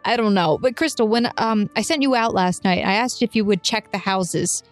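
A woman's voice: medium pitch, moderate pace, soft background music. A woman in casual tabletop role-play, earnest and a bit apologetic. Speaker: player.

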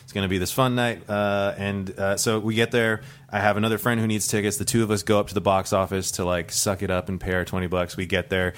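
A man with a low, flat voice talks fast with hardly any pauses while recounting a true story on a comedy podcast. His telling is rambling, stuffed with fillers and restarts, and he can't stop laughing at it himself.

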